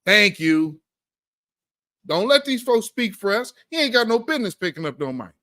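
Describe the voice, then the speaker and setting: High-voiced guy doing commentary, slangy and heated, super dry close sound. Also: sing-song, moderate pace, sharp tone, no room sound. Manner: emphatic, slangy, fired up, with laughs. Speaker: host of a political commentary show. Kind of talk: casual political commentary.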